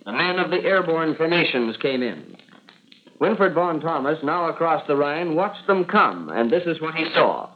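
A man presenting a radio newsreel in a crisp, formal announcing style. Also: a little high, very animated, normal speed. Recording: tinny, hissy 1940s radio archive.

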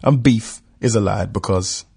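Husky British radio presenter, man. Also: lowish voice, darkish tone. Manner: measured, explanatory. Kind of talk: scripted radio narration.

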